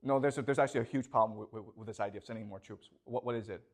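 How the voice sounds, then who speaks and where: A man's voice: fairly low pitch, rapid-fire. A man lecturing a class, constantly checking that his students understand with rhetorical questions.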